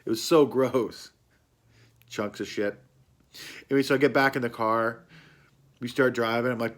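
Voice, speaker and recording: A man's voice: medium pitch, steady tone, moderate pace, pauses often. A man casually telling a rambling personal anecdote, laughing often and swearing freely. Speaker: storyteller.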